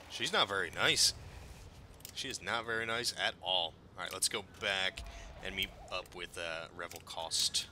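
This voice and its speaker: A man casually commenting on his gameplay, excitable and profane, rambling between curses. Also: low-pitched, measured pace, slight background noise. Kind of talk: casual let's-play commentary.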